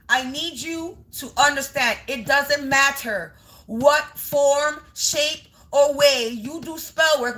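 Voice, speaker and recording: High-pitched woman doing a tarot reading vlog, bright sharp voice, swears a lot, hammers her point home. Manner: emphatic, repetitive warnings with frequent swearing. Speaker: tarot and energy reader. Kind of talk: spiritual reading vlog to camera.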